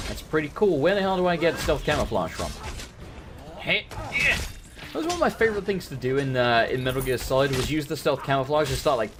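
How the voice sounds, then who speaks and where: A man casually commentating a game he plays, excitable, swearing often and talking back to the characters. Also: on the high side, noisy background. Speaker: let's play host.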